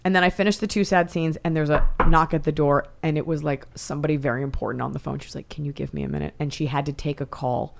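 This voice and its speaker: A woman comedian chatting as a podcast guest, telling stories with animated, acted-out quotes. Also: deep voice, fast talker, gravelly, few pauses. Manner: animated storytelling, acts out quotes. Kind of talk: casual podcast chat.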